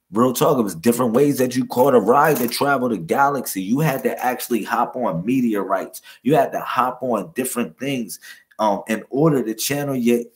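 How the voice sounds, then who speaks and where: A man's voice: mid-range voice, slight background noise. Man teaching casually on a livestream. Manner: loose, repetitive slang-filled talk addressing viewers. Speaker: livestream host.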